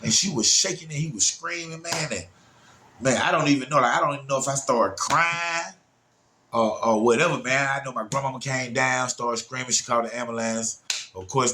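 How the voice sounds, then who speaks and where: A man telling a story from his childhood in a casual, animated way, talking straight to his listeners and swinging his pitch widely for emphasis. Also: slight background noise. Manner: talks straight to listeners, often with "y'all" and "man".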